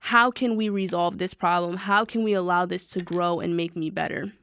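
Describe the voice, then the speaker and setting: A young adult woman, hosting a podcast in an animated, chatty self-help monologue that addresses listeners directly. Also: on the low side, moderate pace, smooth, dry recording, clean studio sound. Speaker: podcast host. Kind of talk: casual motivational monologue.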